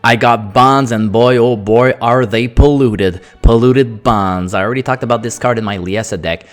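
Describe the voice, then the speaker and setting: A French-born man hosting a card review, sarcastic and jokey, rattling off card text quickly. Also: medium pitch, soft background music. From France. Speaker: host.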